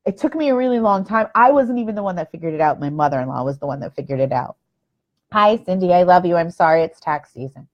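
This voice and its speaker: A woman's voice: on the low side, animated, fast talker. Young woman host, casual livestream chatter, exasperated and self-deprecating, slightly muffled lo-fi sound. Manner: chatty, self-mocking, exasperated, swears freely. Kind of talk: casual live video chat. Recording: slightly dull, lo-fi livestream audio.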